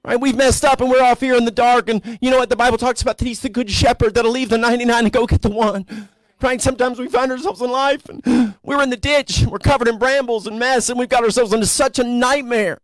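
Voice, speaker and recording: A male pastor preaching a sermon in a conversational storytelling way, sometimes rising to animated emphasis. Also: extremely high pitch, fast, few pauses, no echo. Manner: conversational storytelling preacher, voices characters casually.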